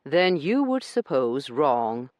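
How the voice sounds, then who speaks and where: An icy, haughty duke with cool, clipped delivery, as a male narrator plays him. He keeps his words measured and withering. The audiobook sound is dry and close. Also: mid-range voice, sing-song, no echo. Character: cold, haughty aristocratic duke, a grown man.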